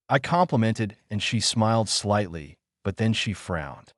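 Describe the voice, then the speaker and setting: A man narrates a first-person fanfiction tale in a flat, even read. His voice sits on the low side, and the recording is dry and close, with no room sound. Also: unhurried, hardly any pauses, no room sound.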